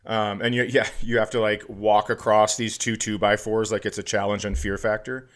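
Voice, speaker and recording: A podcast co-host who does comedy, he narrates a story casually, with plenty of restarts and quick spikes of excitement. His male voice runs fairly low and keeps a moderate pace.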